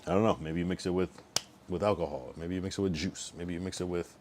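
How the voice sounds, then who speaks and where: A man's voice: sits low, steady tone, fast, background noise. A young man hosting a livestream, chatting loosely, swearing freely and trailing off into mumbles. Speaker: livestream host. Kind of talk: casual rambling chat.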